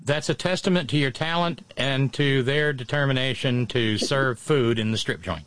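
A man's voice: mid-range voice, moderate pace, fairly bright tone, dry recording. A man hosting a call-in radio show, wry with stammering interjections. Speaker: radio host.

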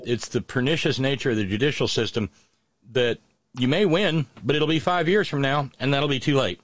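A middle-aged man hosting a live show, talking haltingly with many restarts in a calm, consoling way. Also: medium pitch, no room sound. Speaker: host. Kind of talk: emotional live show talk.

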